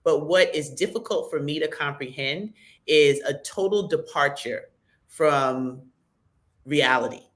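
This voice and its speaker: A woman hosting a live stream, chatting casually and reading out shout-outs from the chat in a lively, conversational way. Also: low voice, a little slow. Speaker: livestream host.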